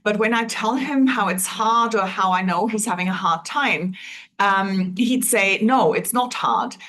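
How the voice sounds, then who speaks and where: A woman parent asks her question in a middling voice, pausing as she searches for words. A faint hiss sits behind her. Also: mid-range voice, pushed and bright. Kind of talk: question to a guest.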